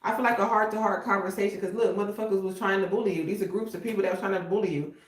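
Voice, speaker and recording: A woman's voice: medium pitch, fairly even intonation, very fast. A woman giving a casual tarot reading in a blunt, slangy way. She often repeats "okay?". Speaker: tarot reader. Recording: echoey room with noise.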